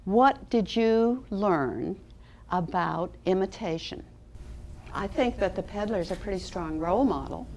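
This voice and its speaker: A woman's voice: mid-range voice, animated, measured pace, a little hiss or hum. A woman educator giving a dramatic storybook reading, then talking about teaching. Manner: dramatic, with hushed and loud turns. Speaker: early childhood educator.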